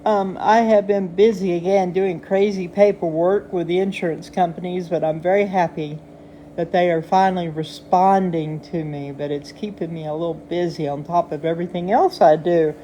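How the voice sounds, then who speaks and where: A woman's voice: lowish voice, steady tone, moderate pace, dark tone. A woman hosting a casual live chat, greeting viewers by name and laughing often. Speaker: livestream host. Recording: echoey room, faint background noise.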